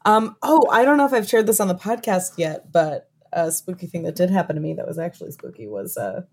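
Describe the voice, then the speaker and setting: A woman's voice: fairly low pitch, expressive, brisk, breathy edge. A woman co-hosting a podcast, telling a story with wry humor in casual chat. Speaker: podcast co-host.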